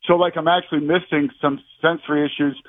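A man's voice: fairly high pitch, fairly even intonation, dry recording. Rambling man on a phone line. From Boston. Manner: rambling, fast, filler-heavy. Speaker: caller. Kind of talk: call-in radio chat.

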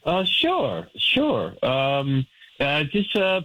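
Stammering man with a high, lively voice. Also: very slow, rough recording. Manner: hesitant, stammering, evasive. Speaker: caller on the phone.

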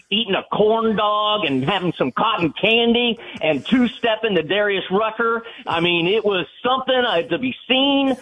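An excitable man holds forth on football for a sports radio show, tripping over repeated words as his thoughts race ahead. His voice sits a little high and has a husky grain to it. The sound has the feel of a radio broadcast. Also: rough recording. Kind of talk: casual sports radio talk.

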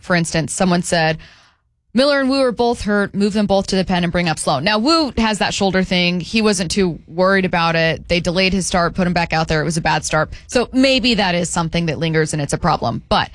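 A woman co-hosts a casual sports talk show in a slightly low voice. She is opinionated and often restarts her sentences. The sound is dry and close. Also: dry recording. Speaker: co-host.

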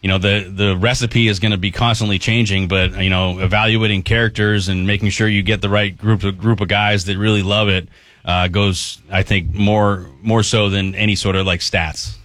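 A man's voice: on the low side, level tone, normal speed, fairly bright tone, no room sound. A man, a former player as radio guest, talking in a loose, rambling way with many fillers and restarts. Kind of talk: casual radio chat.

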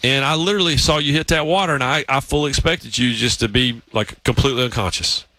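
A man's voice: medium pitch, fast talker, pushed and bright, dry recording. A man hosting a sports talk show, telling long stories in a casual, rambling way. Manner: storytelling, rambling with restarts. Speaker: podcast host.

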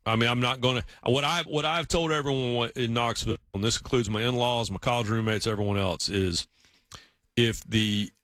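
A man telling casual stories in a relaxed chat, acting out the voices of people he quotes. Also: medium pitch, moderate pace, no echo. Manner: storytelling, acts out quoted voices.

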